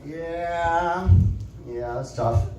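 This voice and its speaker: A man performing a stand-up comedy set in a club, telling deadpan stories and tagging lines with "right?". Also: on the high side, very slow, recorded from a distance, slight background noise. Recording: echoey club audio from afar.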